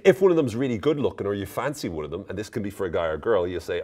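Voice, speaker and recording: A man's voice: lowish voice, expressive, rapid-fire, a little mellow. An Irish man casually explaining his country's slang to camera, joking and laughing at himself as he goes. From Ireland. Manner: playful, jokey, laughs at himself.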